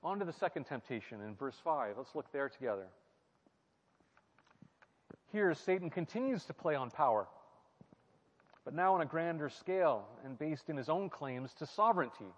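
Speaking at a moderate pace with long pauses, a man whose voice sits on the high side gives sing-song Bible teaching like a sermon. He reflects on the passage, questions his listeners, and repeats key phrases, all in muffled sound with a long hall reverb.

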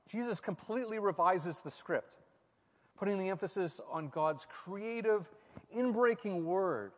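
A man preaching and teaching through a Bible passage, reflective, asking his listeners questions and repeating key phrases. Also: high voice. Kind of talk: sermon-style Bible teaching. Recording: muffled sound with a long hall reverb.

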